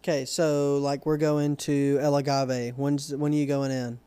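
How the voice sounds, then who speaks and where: A man's voice: medium pitch, unhurried, clean tone, dry recording. A young man, casually telling a story on a podcast and acting out the people in it with a raised voice. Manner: animated, acts out quotes in a raised voice. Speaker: podcast co-host.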